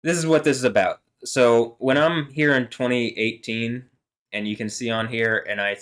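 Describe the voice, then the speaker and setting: A man's voice: mid-range voice, normal speed, fairly bright tone. A man vlogging alone, talking in a meandering, heated way with lots of fillers and some swearing. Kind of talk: rambling solo monologue.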